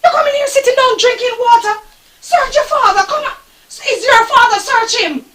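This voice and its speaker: A woman's voice: very high-pitched, moderate pace. A woman with a Jamaican accent playing a scheming girlfriend who nags and gives orders in patois. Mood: pushy. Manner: nagging, commanding, in patois. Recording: roomy, distant, faint noise.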